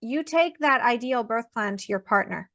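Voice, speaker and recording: A woman in her thirties gives a casual online class with a bright, fairly high voice. She talks emphatically and conversationally, often stopping to check in with her listeners. The sound is close and dry, with no room around it. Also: expressive, normal speed, creaky, no room sound. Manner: emphatic, conversational, acts out quoted people. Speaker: birth educator.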